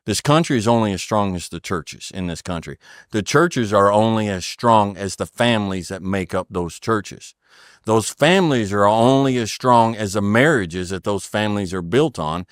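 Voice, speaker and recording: A man's voice: on the low side, no room sound, clean studio sound. A middle-aged man talking about family and faith, giving advice in an earnest, preaching way and repeating phrases for emphasis. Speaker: podcast guest. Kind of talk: conversational storytelling and advice.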